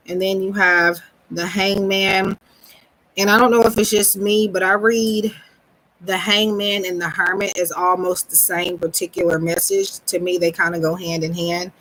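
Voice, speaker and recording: A woman's voice: medium pitch, low-quality recording. Rambling woman giving a live tarot reading. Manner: relaxed, rambling, frequent ums; greets viewers mid-reading. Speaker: tarot reader.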